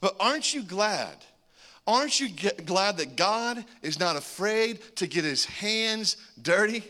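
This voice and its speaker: A man in his forties preaches a storytelling sermon with a bright, high voice. His pitch swings widely as he jokes, chuckling between lines before turning earnest. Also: animated, unhurried. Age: 40s. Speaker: pastor.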